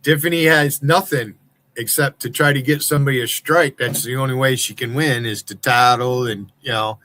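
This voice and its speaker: A man's voice: medium pitch, fairly even intonation, moderate pace, sharp tone. A man from the United States hosting a livestream, ranting in a heated, profane, accusatory way. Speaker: livestream host. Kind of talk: angry profane rant.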